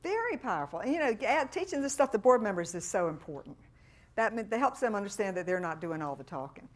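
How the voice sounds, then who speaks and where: A middle-aged woman with a drawl leads a fundraising workshop. She tells her stories with animation and jumps up high to act out the people she quotes. Her pitch sits in the middle of the female range. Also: quick pace. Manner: animated storyteller, acts out quoted voices. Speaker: fundraising consultant. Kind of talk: workshop talk.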